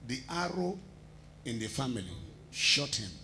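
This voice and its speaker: A man leading a church service as pastor, prompting others with deliberate questions. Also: medium pitch, animated, sharp tone, a little hiss or hum.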